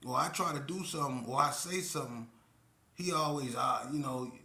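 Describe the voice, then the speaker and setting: Bright-voiced man from Las Vegas telling a story. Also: medium pitch, a little fast, vocal fry, roomy sound. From Las Vegas, Nevada. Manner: loose, repeats "you know what I'm saying". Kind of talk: casual storytelling.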